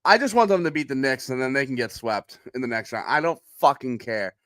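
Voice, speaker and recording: A man's voice: mid-range voice, lively intonation, brisk, fairly bright tone, dry recording. A man with a Philadelphia accent co-hosting a sports podcast, blunt, sarcastic and profane in casual chat over a remote call. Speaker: podcast co-host.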